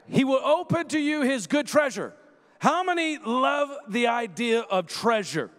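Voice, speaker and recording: A man in his thirties preaches with a high, lively voice that carries through a long, echoing hall reverb. He tells stories animatedly, acting out voices and building to shouts. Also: unhurried. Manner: animated storyteller who acts out quoted voices and rises to shouts. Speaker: guest preacher. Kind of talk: sermon with personal storytelling.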